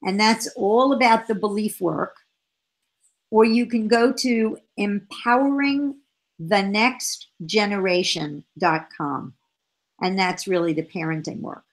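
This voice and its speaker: A middle-aged woman answering interview questions as a parenting expert, lively and acting out short exchanges with her children. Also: medium pitch, slow. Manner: animated, acts out dialogue with her kids.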